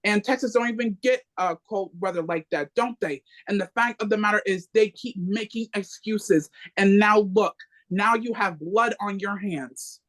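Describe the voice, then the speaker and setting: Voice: medium pitch, normal speed, fairly bright tone. Reading group person going off, heated, repeats stuff over and over. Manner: emphatic, repeats phrases for effect. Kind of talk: impassioned casual discussion.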